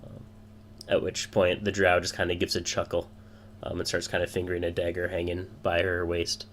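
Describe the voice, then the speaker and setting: A man with a fairly low voice narrates a tabletop fantasy game as game master. He pauses often and fills the gaps with ums and uhs. A faint hum runs underneath. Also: monotone, a bit bright. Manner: hesitant, filler-heavy.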